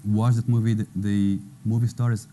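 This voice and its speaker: Afghan man, low mellow voice. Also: flat delivery, normal speed. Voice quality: broken English, earnest, laughs easily. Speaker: former interpreter, panel guest. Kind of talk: personal testimony at a panel.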